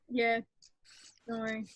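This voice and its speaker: A woman's voice: on the high side, completely flat delivery, takes it slowly, fairly bright tone, slight background noise. A woman in a casual book club chat who talks hesitantly, full of "like" and trailing thoughts. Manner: hesitant, many "like" fillers.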